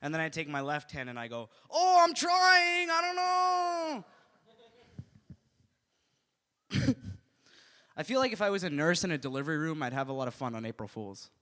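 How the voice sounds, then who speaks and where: A man's voice: lively intonation, fast talker, clear, resonant tone. Offhand man doing stand-up comedy. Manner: offhand delivery, jumping into loud high voices for bits. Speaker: stand-up comic. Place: small live venue with audience laughter.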